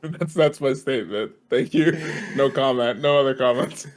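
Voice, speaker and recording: A young man in his twenties co-hosting a podcast, telling stories in a chatty, animated way. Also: medium pitch, moderate pace. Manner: chatty, animated storytelling with laughter. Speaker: podcast co-host. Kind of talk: casual chat.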